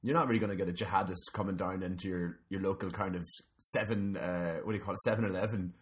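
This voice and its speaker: A man's voice: deep voice, fairly even intonation, fast talker. A man in casual podcast banter, swearing and joking. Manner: swearing, jokey, does loud mocking voices.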